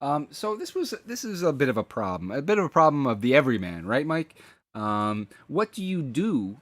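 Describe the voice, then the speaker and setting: A man's voice: medium pitch, big pitch swings, normal speed, fairly bright tone, dry recording. A man co-hosting a casual podcast, rambling and hesitant with frequent restarts. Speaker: podcast co-host.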